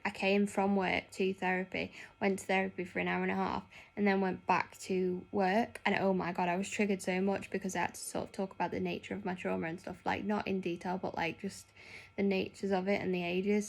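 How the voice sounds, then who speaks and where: A woman's voice: medium pitch, creaky. A young woman chatting casually in a vlog, rambling with lots of fillers. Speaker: nurse.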